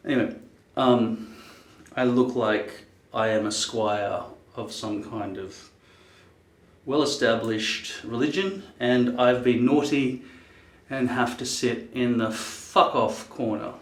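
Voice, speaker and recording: A man's voice: mid-range voice, steady tone, slow. A man in his fifties rambling casually to camera, musing aloud and swearing freely. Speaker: vlogger. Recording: echoey room.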